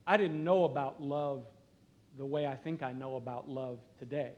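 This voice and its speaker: A middle-aged man preaching as pastor in a church, talking conversationally and earnestly, dropping to quiet emphasis at times. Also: mid-range voice, moderate pace, highs cut off, slight background noise. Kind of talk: sermon. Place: church sanctuary.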